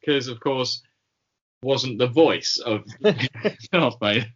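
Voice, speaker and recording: A man's voice: medium pitch, slow, husky, lo-fi sound. A man in his forties co-hosting a comic chat, hesitant with lots of ums, laughing along. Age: 40s. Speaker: podcast co-host.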